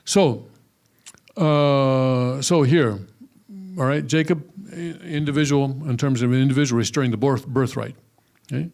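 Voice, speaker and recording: A man's voice: medium pitch, steady tone, normal speed, vocal fry, darkish tone. A man teaching a scripture lesson, reading aloud and breaking off into casual asides with many fillers and restarts. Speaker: religious teacher.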